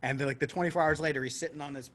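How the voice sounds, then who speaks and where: A man's voice: fairly high pitch, fairly even intonation, very fast. A man co-hosting a podcast who tells a long story casually, swearing freely and acting out the voices of the people in it. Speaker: podcast co-host.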